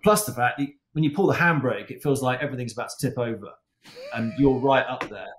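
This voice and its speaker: This is a fast-talking man with a medium-pitched voice, a stunt and racing driver who is a guest on a podcast. He recounts stories casually, with plenty of fillers and false starts, and the room sounds echoey.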